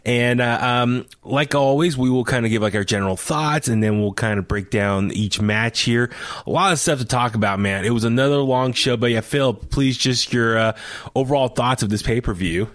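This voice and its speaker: A man hosting a casual podcast chat, telling his stories in an animated, talkative way. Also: mid-range voice, normal speed, no room sound, studio quality. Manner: animated, chatty storytelling. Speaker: podcast host.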